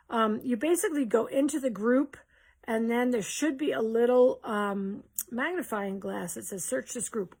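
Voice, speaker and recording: A woman hosting a live question-and-answer stream, greeting viewers with cheers and talking casually with rambling restarts. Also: on the high side. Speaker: host of a live Q&A.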